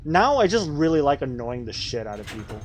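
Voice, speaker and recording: A man with a mid-range, sing-song voice talks fairly quickly over a little hiss or hum while streaming a game. He rambles and swears casually, chatting with his viewers as he plays.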